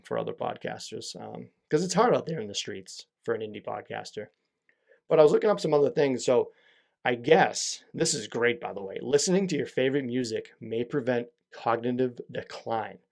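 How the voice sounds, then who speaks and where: A man's voice: mid-range voice, vocal fry. A young adult man hosting a solo podcast, talking candidly and rambling with lots of fillers and swearing. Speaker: podcast host. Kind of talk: casual solo podcast monologue.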